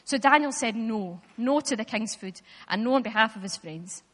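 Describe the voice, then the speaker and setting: A woman giving a lively, playful Bible talk in church, speaking directly to the children. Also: a little high, normal speed. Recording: echoey hall.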